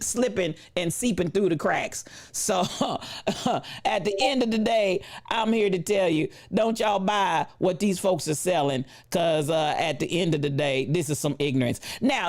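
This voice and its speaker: Emphatic preachy commentator with a Black lilt. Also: medium pitch.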